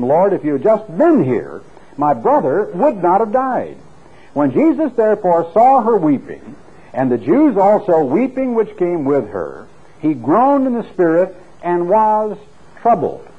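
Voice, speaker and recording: A middle-aged male preacher delivers a sermon in an earnest, storytelling way, his voice lifting for emphasis. The sound is slightly husky. It comes through a thin, phone-like radio recording. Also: fairly high pitch. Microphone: clip-on microphone.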